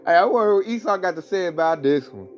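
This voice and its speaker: A man with a high voice delivering religious commentary on his vlog. He talks in a preachy, repetitive, slangy way, circling back to the same points. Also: animated, quick pace. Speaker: channel host.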